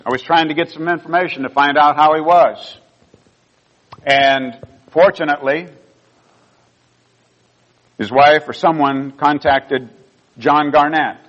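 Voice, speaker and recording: A man's voice: medium pitch, fairly bright tone, muffled recording. An older man, a pastor, telling personal stories in a sermon in an earnest, heartfelt way. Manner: earnest storytelling, rising emotion at key moments.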